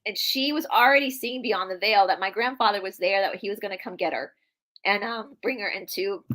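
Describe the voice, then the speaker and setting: A woman's voice: mid-range voice, a little fast, sharp tone. Earnest woman telling a family story. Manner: earnest storytelling with many restarts. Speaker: podcast co-host. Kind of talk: casual live-stream chat. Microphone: video call.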